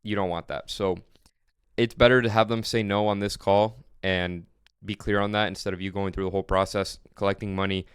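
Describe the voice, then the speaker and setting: A man's voice: lowish voice, flat delivery, a little fast, clear, resonant tone, dry recording, studio quality. A young man who owns an agency, casually walking viewers through his sales slides in a coaching tone, often repeating words. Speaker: agency owner. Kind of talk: casual walkthrough.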